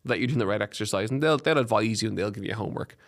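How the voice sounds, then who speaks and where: A man with an Irish accent hosting a podcast, giving fitness advice in an energetic, encouraging way and listing examples in quick runs. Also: lowish voice. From Ireland. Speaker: podcast host and fitness coach. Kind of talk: solo podcast advice talk. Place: podcast studio.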